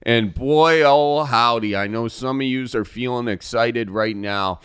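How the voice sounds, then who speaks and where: A man's voice: medium pitch, a little slow, a bit bright, clean tone, no room sound, studio quality, natural voice. A man playing a cheery, folksy male nature-radio host in a comedic improvised bit.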